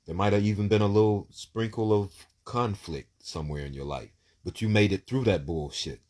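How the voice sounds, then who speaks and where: A man's voice: on the low side, moderate pace, darkish tone. A man giving casual live psychic readings to viewers. He talks in an emphatic, preachy way, swears freely, and repeats words and lists in bursts.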